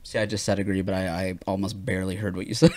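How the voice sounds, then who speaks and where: A man's voice: sits low, wildly swooping pitch, brisk, slight background noise. A young man co-hosting a podcast in casual chat, joking and laughing often, playfully provocative. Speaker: podcast co-host.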